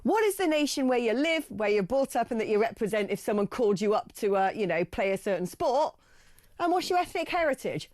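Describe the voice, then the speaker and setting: Woman radio host from Gloucester, chatty, fairly high voice, close and dry. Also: sing-song, a little mellow, dry recording. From Gloucester, England. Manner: chatty, quick reactions, reads out texts. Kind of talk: phone-in radio chat. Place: radio studio.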